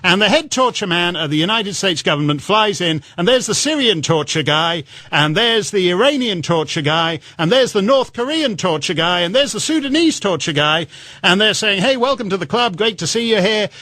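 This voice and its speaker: A man guest-hosting talk radio, delivering rambling, mocking commentary. His voice sits high and swings widely as he gets carried away. The sound is dry and close, with no room around it. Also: expressive, moderate pace, sharp tone, no room sound. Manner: rambling and mocking, breaks into laughter, puts on silly voices for quotes.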